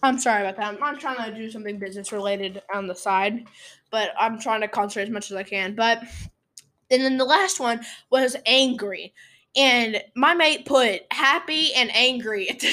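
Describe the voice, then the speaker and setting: A woman's voice: a little high, normal speed, sharp tone. A teenage girl hosting a casual storytelling podcast from a room at home, rambling, apologizing and getting sidetracked. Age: teens. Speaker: podcast host.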